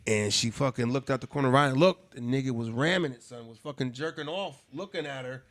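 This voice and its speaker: Fast-talking man telling a story. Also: mid-range voice, dry recording. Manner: profane, animated storytelling. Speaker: podcast cohost. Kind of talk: casual chat.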